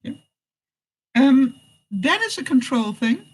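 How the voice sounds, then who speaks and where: Speaking slowly with big pitch swings, this woman has a high, slightly rough voice captured on a rough recording. She's a middle-aged vlogger in a live-stream chat, reading viewer comments, handing out life advice, telling stories, acting out quotes and laughing frequently.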